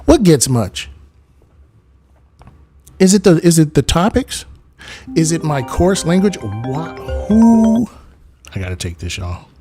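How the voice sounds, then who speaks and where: A man's voice: fairly high pitch, takes it slowly, long pauses, breathy edge, soft background music. A man hosting a debate livestream, chatting casually and profanely with his viewers. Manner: profane, animated, talks to his chat. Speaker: debate stream host.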